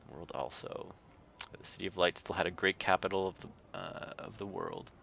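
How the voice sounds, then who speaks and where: A man's voice: sits low, sing-song, normal speed, vocal fry, sharp tone, slight background noise. A man livestreaming a game, reading its text aloud and chatting casually with viewers. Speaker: streamer.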